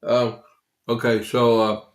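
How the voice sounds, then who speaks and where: A man's voice: medium pitch, level tone, takes it slowly. A man hosting a casual political news livestream, talking loosely to his viewers with many fillers. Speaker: host. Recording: echoey room.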